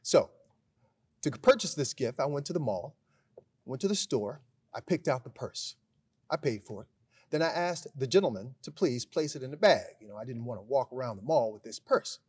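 Husky man giving a graduation speech. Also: mid-range voice, normal speed. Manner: storytelling with deadpan humor; emphatic, builds to proud address. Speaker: school principal.

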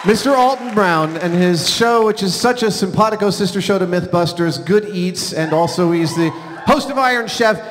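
An animated, excitable man in his forties tells funny stories on a theater stage, his voice sitting high and lively. He swings from loud outbursts to hushed asides. The sound carries a long theater reverb with faint noise behind it. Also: normal speed. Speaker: stage storyteller. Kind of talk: live comedic storytelling on stage.

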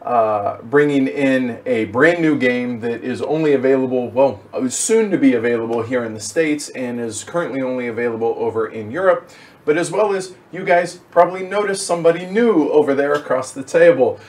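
Chatty board game host, a bit off-mic. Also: male voice, medium pitch, normal speed, darkish tone, far from the mic. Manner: upbeat, chatty, with many fillers. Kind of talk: casual chat.

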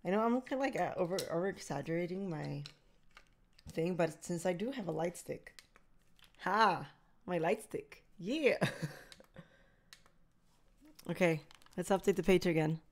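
Excitable young woman streaming a reaction. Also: fairly low pitch, a little slow, pauses often. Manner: excitable, nervous chatter with laughs and shrieks.

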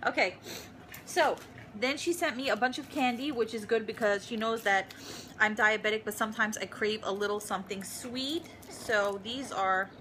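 A woman's voice: on the high side, moderate pace, fairly bright tone, slight background noise. A woman filming a casual unboxing vlog in her apartment, gushing and emotional over each gift. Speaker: vlogger.

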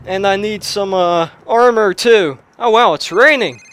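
A young man giving excitable gameplay commentary on his own gaming channel, shouting and yelping at the game between quick chatter. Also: high voice, clear, resonant tone. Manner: loud, yelps and shouts at the game. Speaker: let's play gamer. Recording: lo-fi restored audio.

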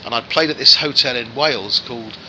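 A man in his forties tells anecdotes as a guest in an easy chat. His voice is very bright and sharp, pitched in the middle range, and he slips into other people's voices as he tells each story. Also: a little fast, slight background noise, rough recording. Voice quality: animated raconteur who acts out voices in his anecdotes. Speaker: guest musician.

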